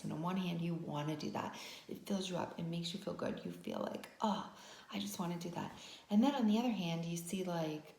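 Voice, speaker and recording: A woman's voice: on the low side, vocal fry, darkish tone, echoey room. A woman vlogger telling a personal story as a lesson, talking conversationally with frequent "right?" asides. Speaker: wellness vlogger.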